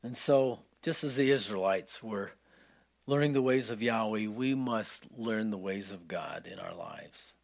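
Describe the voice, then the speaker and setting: A male pastor preaching a sermon in an earnest voice that swings from emphatic lines to soft, hushed ones. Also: lowish voice, a little slow, vocal fry.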